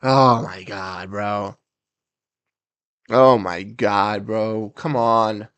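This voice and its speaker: A young man hosting a casual livestream watch-along, reacting to plays and talking with his chat in quick, excitable bursts. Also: fairly low pitch, clear, resonant tone. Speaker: livestream host. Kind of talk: casual live game commentary.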